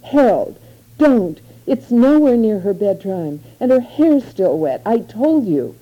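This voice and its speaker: A woman's voice: medium pitch, very animated, slow pace, dull audio, pitched above the performer's own voice. A woman reading the lines of a defensive young wife and mother in a literary story, answering in short, guarded replies.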